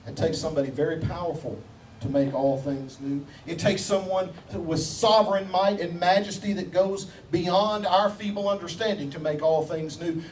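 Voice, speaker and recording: High-voiced preacher, distant and emphatic. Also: male voice. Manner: emphatic, rhetorical questions and repetition; folksy humor. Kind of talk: sermon. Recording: distant mic with faint background noise.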